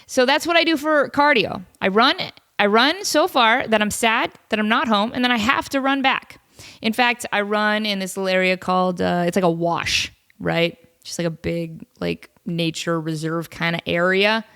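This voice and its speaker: A woman's voice: medium pitch, normal speed, fairly bright tone, smooth. A woman hosting a casual solo podcast from home, chatty and self-deprecating, with a cold. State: has a cold, sniffly. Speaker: podcast host.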